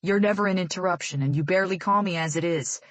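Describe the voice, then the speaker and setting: A woman voicing a protective, loving middle-aged father who speaks gently but firmly. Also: fairly low pitch, fast talker, no room sound, natural voice.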